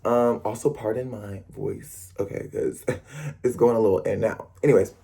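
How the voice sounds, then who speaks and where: A young man who performs on stage, chatting to camera in an animated, rambling way with quick self-corrections. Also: fairly low pitch, vocal fry, slightly rough. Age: young adult. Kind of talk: casual talk to camera.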